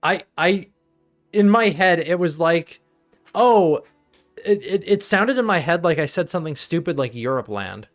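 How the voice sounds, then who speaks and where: A man's voice: on the high side, animated, a little slow, faint music behind. Rambling man running a tabletop game. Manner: rambling, filler-heavy, laughs often. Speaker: game master.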